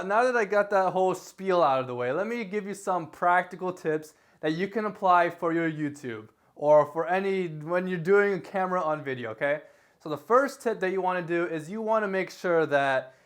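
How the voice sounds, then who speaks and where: A man's voice: sits high, moderate pace. Rambling young man gesturing on camera. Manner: rambling, self-correcting, lively delivery with varied loudness; gesturing with his hands while talking. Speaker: YouTuber giving tips. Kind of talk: casual talking-head advice vlog. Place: indoor room, recording himself. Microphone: camera facing him.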